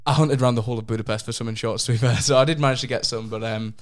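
A young man, telling a rambling story on a casual podcast, his voice jumping up in pitch when he gets excited. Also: racing. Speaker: podcast co-host. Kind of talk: casual chat.

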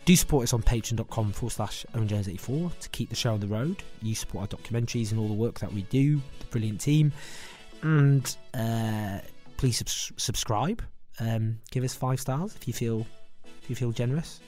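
A man's voice: mid-range voice, normal speed, darkish tone, faint music behind. A man hosting a podcast in casual chat. He rambles, corrects himself often and jokes around. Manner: rambling and self-correcting, jokey. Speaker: podcast host.

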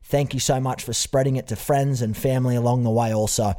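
A man's voice: medium pitch, fairly even intonation, brisk, dark tone. An Australian man hosting a podcast interview, friendly and matey, calling his guest "mate" often. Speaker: podcast host.

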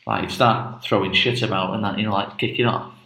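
A man's voice: lowish voice, steady tone, brisk, gravelly, sharp tone. A man co-hosting a podcast, telling a rambling, jokey story with lots of fillers. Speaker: podcast co-host. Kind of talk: casual chat. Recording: echoey room.

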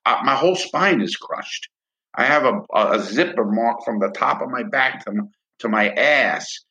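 A man's voice: mid-range voice, animated, moderate pace, sharp tone, highs cut off. A middle-aged man, a former prisoner, telling a heated story of his time inside in blunt, profane words. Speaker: interview guest, former prisoner. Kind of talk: emotional storytelling interview.

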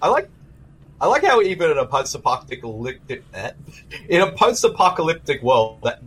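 Husky man chatting on a podcast. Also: fairly high pitch, sing-song, moderate pace, fairly bright tone, poor audio. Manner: joking, rambling, with frequent laughter. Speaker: podcast co-host. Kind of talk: casual chat.

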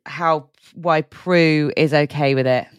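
A woman's voice: sits low, steady tone, slow, clear, resonant tone, no room sound, studio quality. A woman co-hosting a casual podcast chat, rambling with self-deprecating, jokey asides. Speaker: podcast co-host.

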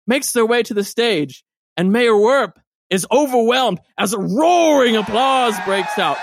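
Lively guy running a tabletop game, high voice, jokey. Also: a little slow, creaky. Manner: animated, jokey. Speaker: game master.

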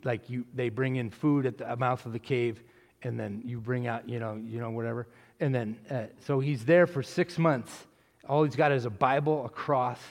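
A middle-aged man, a pastor, telling his story in a rambling way with many restarts and swelling into loud preaching. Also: medium pitch. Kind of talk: testimony answering a question, church talk. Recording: long hall reverb.

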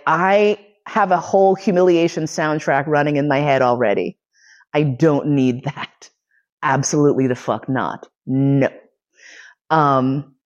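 Low-voiced woman telling a profane story. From New York City. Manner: profane, laughs often, animated. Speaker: podcast host giving a lecture. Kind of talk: casual storytelling talk.

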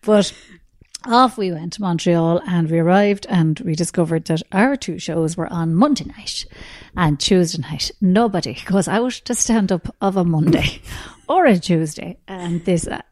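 A middle-aged Irish woman, a comedian, telling a lively anecdote with swearing and laughter. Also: lowish voice, unhurried, no echo, studio quality. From Ireland. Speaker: comedian guest. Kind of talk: storytelling interview.

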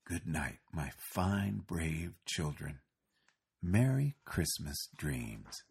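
A man voicing a gentle old Santa Claus in a storybook reading, speaking softly and slowly, a little husky. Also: low voice, expressive, voice pushed down, heavily acted. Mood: tender. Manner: soft, hushed and slow.

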